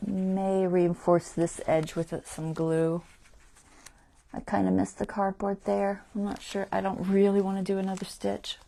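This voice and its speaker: A craft channel host sews on a casual livestream, talking to herself and her viewers and poking fun at her own mistakes in a self-deprecating way. Her mid-range voice is mellow, monotone and unhurried, with vocal fry. She's recorded on a clip-on mic.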